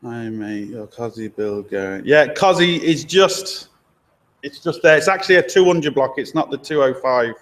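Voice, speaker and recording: A man's voice: medium pitch, animated. Guy chatting on a live stream from his garage, rambly and friendly asides, picked up on a camera mic. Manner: loose and chatty, with fillers and quick asides. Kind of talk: casual live-stream chat, reading out viewer comments. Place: garage workshop. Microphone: laptop or camera mic held by a helper.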